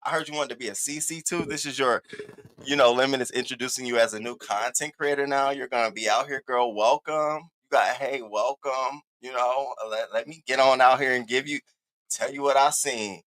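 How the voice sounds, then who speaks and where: A man's voice: medium pitch, normal speed, dry recording. A man hosting a livestream, chatting casually and animatedly with his viewers. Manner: animated, jumps into mock voices. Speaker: livestream host. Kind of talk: casual commentary.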